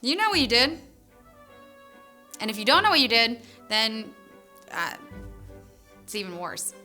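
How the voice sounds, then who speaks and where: An actress playing a tipsy, sulky co-host in a comedy sketch, with a slurred, pouty delivery. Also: female voice, on the high side, very animated, measured pace, sharp tone, faint music behind, exaggerated voice.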